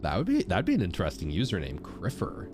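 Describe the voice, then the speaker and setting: A young man chatting casually as he streams a game, thanking subscribers and reacting out loud. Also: low-pitched, racing. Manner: animated, chatty, shouts out subscribers. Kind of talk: casual gameplay commentary. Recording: game music playing behind.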